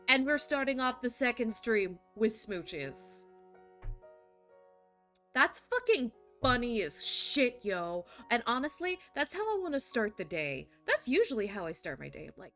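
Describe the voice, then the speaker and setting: A woman's voice: on the high side, very animated, moderate pace, fairly bright tone, soft background music. A woman streamer chatting casually and animatedly, laughing and swearing freely between reading passages. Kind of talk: casual live-stream chat.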